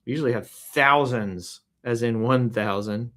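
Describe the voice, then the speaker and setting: A man hosts a relaxed live stream, reading out news items and viewer posts. His delivery is offhand and playful, broken up by hummed sound effects and frequent throat clearing. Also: medium pitch, unhurried. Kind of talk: casual live-stream commentary. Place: at home in Texas.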